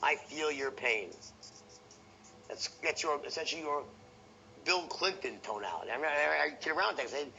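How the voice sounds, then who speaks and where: Animated, gravelly male sales trainer. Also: on the high side, quick pace, muffled recording, a little hiss or hum. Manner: animated, demonstrates tones by voice; talks to the audience directly, asks okay and right. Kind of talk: seminar teaching.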